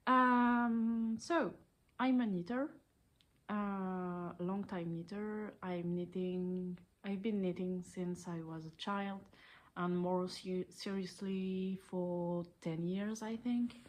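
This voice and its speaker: A woman's voice: medium pitch, fairly even intonation, takes it slowly. A woman in her thirties with a French accent, chatting hesitantly in her living room about her knitting for a video podcast. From France. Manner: hesitant, many ums, a little shy on camera. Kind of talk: casual video podcast chat.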